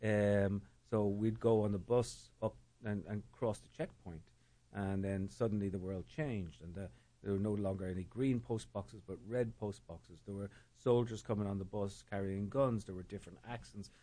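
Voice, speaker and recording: An Irish man from Dublin speaks with a fairly low voice in a thoughtful interview. He circles his points with fillers, restarts and repeated words. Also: steady tone, normal speed, mellow. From Ireland. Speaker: guest, storytelling organizer. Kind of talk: reflective conversational interview.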